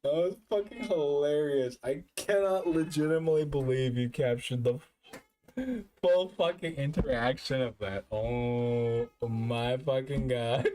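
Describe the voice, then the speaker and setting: A drunk male VTuber keeps hiccuping through a casual stream chat. He drawls slowly at a middling pitch, swearing often and mocking himself as he rambles. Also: a little mellow. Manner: rambling, profane, self-mocking.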